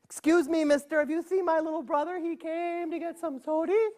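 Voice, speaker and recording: Small sweet girl, politely asking, man pitching up. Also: steady tone, fairly quick, a little mellow.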